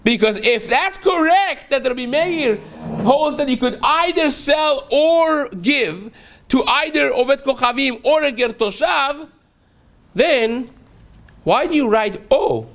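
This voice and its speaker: Man, rabbi, daily Talmud class, high voice, lively rise and fall, reads then paraphrases, step-by-step explaining. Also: slow. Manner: explains step by step, checks in with rhetorical "right?".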